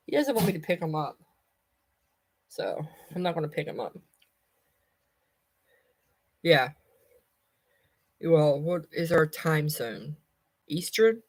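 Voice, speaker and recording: A Southern woman chats loosely on a home live stream, rambling from one small topic to the next. Her voice sits a little low for a woman, and her talk stays easygoing and unhurried. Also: a little mellow, breathy edge. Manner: chatty, rambling, calls to her cat in a high voice. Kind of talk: casual live stream chat.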